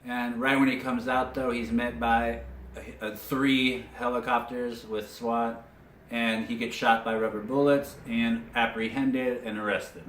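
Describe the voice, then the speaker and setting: A man's voice: medium pitch, unhurried, slight background noise. Man recapping a cartoon, echoey room. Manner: animated storyteller with frequent fillers. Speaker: cartoon episode reviewer. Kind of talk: casual spoken episode recap. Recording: roomy echo, distant from mic.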